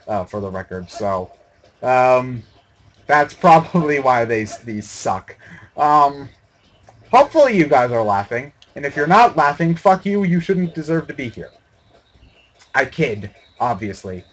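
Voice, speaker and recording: A man's voice: mid-range voice, sing-song, unhurried, fairly bright tone, low-quality recording. A man streaming a video game, giving rambling, sarcastic and profane casual commentary.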